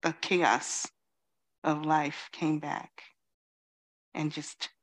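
A middle-aged woman from Queens giving a reflective dharma talk as a Zen teacher, pausing often and saying "you know". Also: low-pitched, flat delivery. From Queens, New York City. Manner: slow, reflective, many pauses and "you know".

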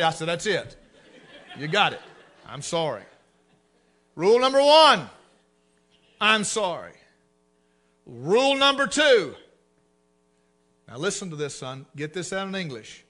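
A middle-aged man, preaching a humorous sermon in a folksy storytelling way, swinging between loud and hushed. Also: high-pitched, sing-song, unhurried, pauses often.

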